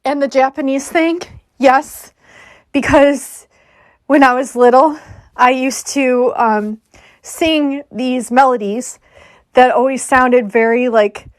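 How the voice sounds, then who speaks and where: A woman's voice: high voice, steady tone, slow pace, no echo. A woman chatting casually and emotionally, tearful and laughing as she gives thanks. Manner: tearful, gushing, laughing often. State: crying. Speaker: spiritual content creator.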